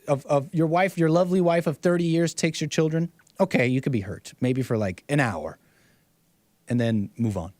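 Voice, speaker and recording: A man's voice: on the high side, no echo, studio quality. A man hosting casual online commentary, mocking and rambling, repeating himself and chuckling often.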